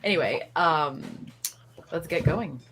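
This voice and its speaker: A woman hosting a casual chat, animated and laughing often as she talks through ideas. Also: deep voice, takes it slowly, a little hiss or hum.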